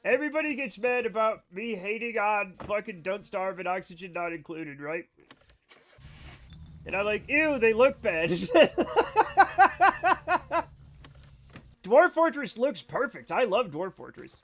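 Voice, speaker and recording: A man's voice: high-pitched, animated, moderate pace, fairly bright tone, a little hiss or hum. A tipsy man streaming a game and chatting casually with his viewers, blunt and profane.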